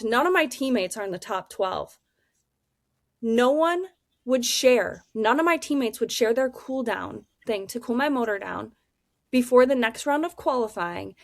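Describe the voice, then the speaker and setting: Young woman guest, candid and animated, swears freely, fairly high voice, dry sound. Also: no echo. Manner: blunt, animated, swears freely, acts out dialogue. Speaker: race car driver, interview guest. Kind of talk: candid casual storytelling.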